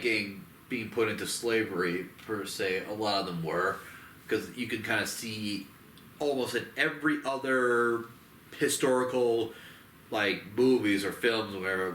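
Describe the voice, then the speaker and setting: A man in casual chat about a movie, rambling with fillers and jumping into squeaky high voices for quotes. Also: a bit bright. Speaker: co-host. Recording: roomy echo with faint noise.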